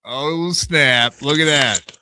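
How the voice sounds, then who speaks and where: A man's voice: fairly high pitch, slow, bright, forceful tone, slight background noise. A man co-hosting a podcast, teasing and joking with his co-host in casual banter. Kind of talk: casual chat.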